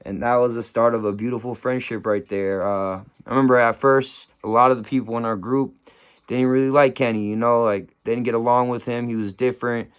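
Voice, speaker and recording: A young man from the Bay Area, telling a personal story to camera in a slangy, subdued, halting way. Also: medium pitch, little pitch movement, smooth. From San Francisco Bay Area.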